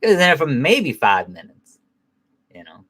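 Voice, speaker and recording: A man's voice: fairly high pitch, wildly swooping pitch, moderate pace, a bit bright. A middle-aged man giving a casual spoken film review, rambling, profane, and often correcting himself.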